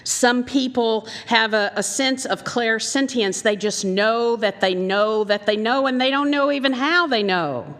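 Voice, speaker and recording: A woman's voice: fairly high pitch, a little slow, hardly any pauses, fairly bright tone. A woman minister with a Southern American accent preaching a sermon, telling stories animatedly and acting out the voices she quotes. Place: church sanctuary. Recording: long hall reverb.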